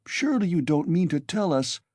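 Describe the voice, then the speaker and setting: A fretful middle-aged mother, pleading and near tears, voiced by a man in an audiobook. Her lines sit well above the reader's own pitch. The recording is close and dry. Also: sing-song, brisk, a little mellow, no echo. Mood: anxious. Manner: pleading, tearful.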